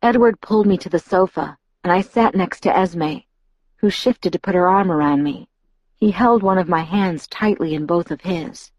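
Woman audiobook narrator, low voice, dry close recording, steady first-person read. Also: normal speed, no echo. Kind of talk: scripted narration.

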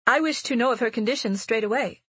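A woman's voice: fairly high pitch, quick pace, a bit bright, husky, no room sound, voice pushed up. A woman voicing a proud young princess speaking with urgent demands.

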